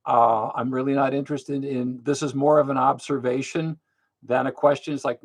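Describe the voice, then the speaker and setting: An older man with a mid-range voice hosts a monthly live Q&A stream, speaking at a moderate pace with a flat delivery. His casual talk is blunt and matter-of-fact, full of fillers.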